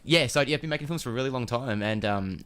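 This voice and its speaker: Director losing his voice, hesitant and halting, on a studio mic, radio guest. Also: mid-range voice, fairly bright tone, smooth. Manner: hesitant, lots of ums and restarts. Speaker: film director. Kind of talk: casual radio interview guest. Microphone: studio microphone.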